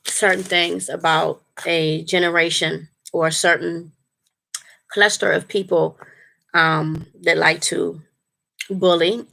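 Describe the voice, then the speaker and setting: A woman's voice: fairly low pitch, little pitch movement, takes it slowly, creaky, pushed and bright. A woman, a spiritual life coach, talking casually and earnestly to her longtime viewers on a livestream, rambling with fillers and restarts.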